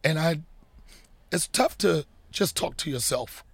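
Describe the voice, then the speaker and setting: Middle-aged male comic, slightly high and gravelly, animated storyteller. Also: a little slow, no echo. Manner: animated, profane, acts out quotes. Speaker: podcast guest, comedian. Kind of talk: casual storytelling chat.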